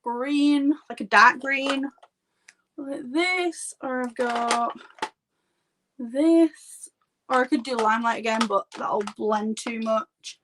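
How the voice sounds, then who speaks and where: Talking slowly and pausing often, a woman with a slightly high voice chats over background noise. She's a thirtysomething makeup artist from Yorkshire on a live stream, and her casual rambling is full of "like."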